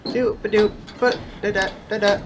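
In a noisy home recording, a man with a high voice commentates a horror game at normal speed, his intonation fairly even. He's jokey and chatty, talking to the game characters and yelping or shrieking when something scares him.

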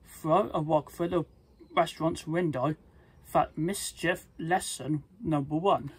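Storybook read-aloud: a reader doing a scheming father wolf, husky, unhurried. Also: mid-range voice. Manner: slow, plain storybook reading with restarts. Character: scheming male wolf father, bad-natured.

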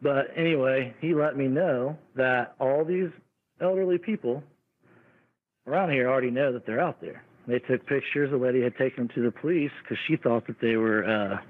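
Brief: male caller, rambling casual storyteller, mid-pitched, heard over a tinny phone line. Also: moderate pace. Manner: rambling, restarts and quotes neighbors. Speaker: caller telling an encounter story.

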